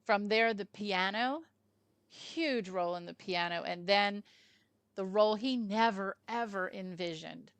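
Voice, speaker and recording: A woman chats her way through a film review over a video call, wandering into asides and fillers. Her pitch sits in an ordinary middle range. The sound is dry and close. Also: a little slow, clear, resonant tone, no room sound. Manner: chatty, rambling, with many asides and fillers. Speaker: film club host. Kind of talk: casual film review chat.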